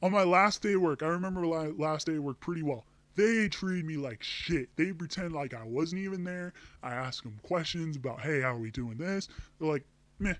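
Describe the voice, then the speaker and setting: A man's voice: a little high, animated, normal speed, long pauses, no room sound. A young man ranting to camera, telling a heated, profane story about a bad job with angry outbursts. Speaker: vlogger. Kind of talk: angry personal rant.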